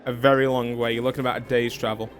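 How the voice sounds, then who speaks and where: A man's voice: mid-range voice, quick pace, a faint crowd. Male game master, easygoing narration with fillers, background music. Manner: relaxed, thinking aloud with many fillers. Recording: background music under the talk.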